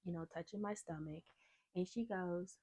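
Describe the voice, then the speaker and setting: A woman speaking in a lower register with a gravelly, fry-laced edge, telling her own story to camera in casual vlog talk. She is animated and slips into the voices of the people she quotes. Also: normal speed. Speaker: vlogger.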